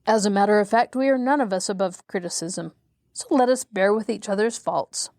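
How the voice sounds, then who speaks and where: A woman reading aloud as a gentle, kind-hearted male tin man who speaks politely and keeps the peace. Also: mid-range voice, brisk, no room sound, clean studio sound, natural voice. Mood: pleading.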